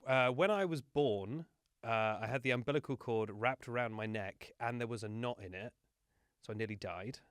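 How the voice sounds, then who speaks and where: A man's voice: medium pitch, normal speed, clear, resonant tone, dry recording. Man telling chatty stories, dry sound. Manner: chatty storyteller, self-deprecating. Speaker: podcast guest. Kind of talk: casual chat.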